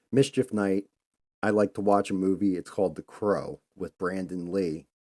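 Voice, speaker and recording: Host, male, low and mellow, casual rambling storyteller. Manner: rambling, loose, conversational. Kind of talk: casual live-stream storytelling.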